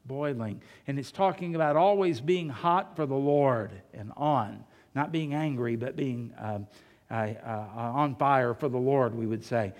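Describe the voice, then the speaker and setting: Here a male pastor with a medium-pitched voice delivers his sermon a little slowly. His style is conversational, full of rhetorical questions and humorous stories, and the church's large hall adds a long reverb.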